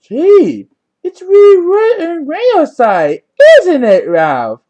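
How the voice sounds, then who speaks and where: A man voicing a cheerful, patient male apple who gently coaxes his friend in a homemade puppet story. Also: extremely high pitch, huge pitch swings, slow pace, highs cut off, full character voice. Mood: coaxing. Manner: gentle, coaxing, asks questions.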